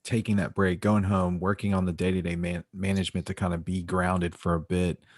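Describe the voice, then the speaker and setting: A man with a deep, flat, steady voice asks long, winding questions, summing up the guest's story before he gets to the point. The sound is dry and close. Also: a little fast, dry recording. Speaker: podcast host. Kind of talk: interview questions.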